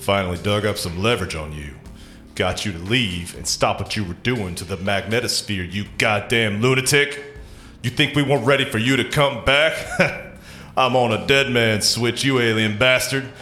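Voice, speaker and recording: A man voicing a defiant male agent handler who talks in a low, gruff, contemptuous way. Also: moderate pace, bright, forceful tone. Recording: roomy recording with faint music.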